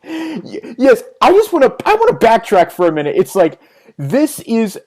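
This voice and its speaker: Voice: medium pitch, wildly swooping pitch, normal speed, darkish tone. A co-host chiming in with wry asides during a casual comic book chat. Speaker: podcast co-host.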